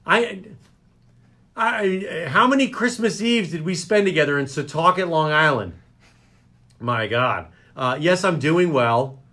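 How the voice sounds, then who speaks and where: A man's voice: on the high side, lively intonation, unhurried, sharp tone. A man hosting a local radio talk show, joking and rambling. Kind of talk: casual chat show banter.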